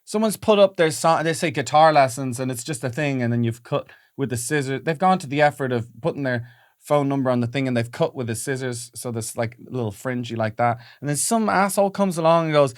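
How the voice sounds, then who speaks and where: A man's voice: mid-range voice, animated, brisk, no room sound, studio quality. A man co-hosting a podcast, grumbling and opinionated in casual chat. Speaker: podcast co-host.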